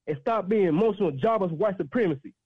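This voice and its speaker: A man's voice: high voice, animated, quick pace, breathy edge, dry recording, narrow, tinny audio. A man, an activist guest giving impassioned call-in commentary with fiery, repetitive, preacher-like emphasis.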